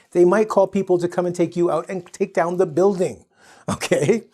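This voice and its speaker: A man's voice: sits high, brisk, dark tone. A man from Canada teaching an online English lesson, playful and acting out exaggerated quotes.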